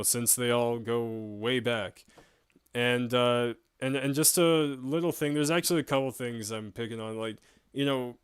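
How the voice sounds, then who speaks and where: A man's voice: medium pitch, smooth, no echo, studio quality. A young man giving a casual, chatty recap of a wrestling show, with frequent laughs and fillers.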